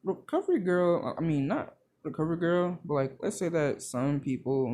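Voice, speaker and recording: A man's voice: fairly high pitch, lively intonation, normal speed, few pauses, a little mellow. A young man casually narrating a made-up fan story, rambling and full of fillers. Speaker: video creator.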